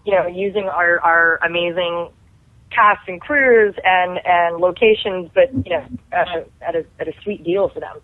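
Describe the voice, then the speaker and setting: A woman's voice: on the low side, normal speed. Chatty woman on a phone line. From Canada. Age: 30s. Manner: chatty, animated, lots of "like" fillers. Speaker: guest actor. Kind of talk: casual storytelling. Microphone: phone call.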